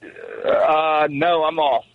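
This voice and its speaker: Philly-trucker on a tinny phone line. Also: male voice, a little high, steady tone, extremely slow, no room sound. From Philadelphia. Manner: chatty, reminiscing. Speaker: caller. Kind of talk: phone-in call.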